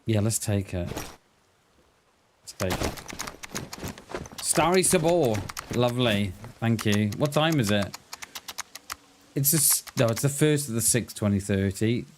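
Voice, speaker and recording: A man with a medium-pitched, lively voice talks at a moderate pace over a noisy background. He's streaming a survival game, casually chatting with viewers, greeting them by name, and thinking out loud as he plays.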